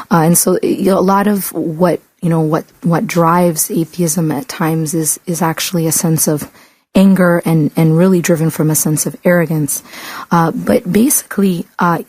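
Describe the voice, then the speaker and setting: Woman radio lecturer, a bit sick, low voice, husky and dry. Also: darkish tone, dry recording. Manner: reflective, many fillers and restarts. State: sick, voice coming in and out. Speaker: radio show host and Islamic lecturer. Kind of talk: religious talk on the radio.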